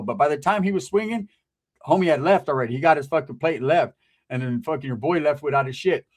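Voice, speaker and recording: A man rattles off a rambling, profane story at a fast clip. His voice is a bit husky and sits somewhat high for a man. It is a loose, casual talk-show style.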